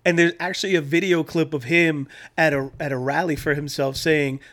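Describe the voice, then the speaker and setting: A man's voice: on the high side, fairly even intonation, normal speed, fairly bright tone. A man co-hosting a podcast, chatting casually and profanely and mocking politicians in put-on voices. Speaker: podcast co-host. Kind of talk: casual chat.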